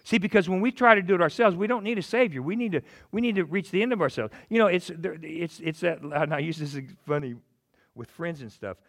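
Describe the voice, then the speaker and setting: A middle-aged male pastor preaching a sermon in an animated, joking way, acting out little voices. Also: high voice, fairly quick. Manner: animated, jokey, acts out voices.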